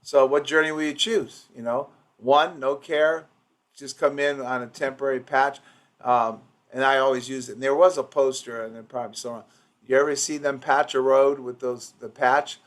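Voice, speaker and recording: A man running a loose training session for office staff over a recorded call. He talks in a rambling way, restarting sentences and slipping into quick impressions of patients. His voice sits at an ordinary middle pitch. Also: fairly even intonation. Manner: rambling, with many restarts and acted-out patient quotes.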